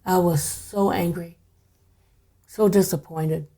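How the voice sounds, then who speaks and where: A woman's voice: fairly low pitch, fairly even intonation, slow pace. An older woman, a podcast guest, telling a personal story in a casual way, often dropping to a near whisper. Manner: hushed, drops to near whisper at times.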